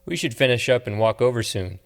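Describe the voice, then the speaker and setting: A man's voice: medium pitch, lively intonation, brisk, close to an everyday voice. A man voicing a cocky male office supervisor in an audiobook, chirpy and defensive.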